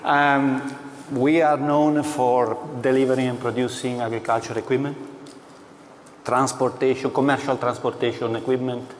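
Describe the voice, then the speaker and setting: Measured male executive in a hall. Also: mid-range voice, flat delivery, slight background noise. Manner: measured, with many pauses and fillers. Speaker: company executive guest. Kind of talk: panel interview answers.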